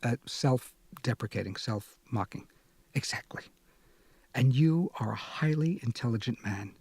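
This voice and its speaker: A blunt, moralizing young woman scolds from an audiobook page, read out by a man. The voice is husky and dry, with no room around it. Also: medium pitch, lively intonation, measured pace, a little mellow, no echo. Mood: scolding.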